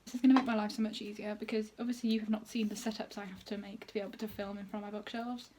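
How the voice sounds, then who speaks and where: A woman's voice: medium pitch, little pitch movement, fast, darkish tone, slight background noise. A woman in her twenties with a Southern English accent, chatting casually at home to a camera mic for her book vlog, rambling and laughing often, sometimes dropping to a whisper. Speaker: book vlogger. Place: at home, moving between rooms.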